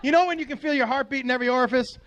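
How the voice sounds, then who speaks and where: A middle-aged male stand-up comedian tells a story on stage in an animated, profane way, acting out the characters. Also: very high voice, rapid-fire.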